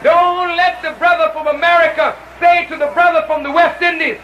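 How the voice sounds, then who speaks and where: A minister giving a fiery speech to an outdoor rally, with impassioned, repeated calls that often break into shouting. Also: male voice, very high voice, flat delivery, moderate pace, hardly any pauses, a little hiss or hum. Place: outdoor rally through loudspeakers. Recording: echoey lo-fi 1970s rally recording.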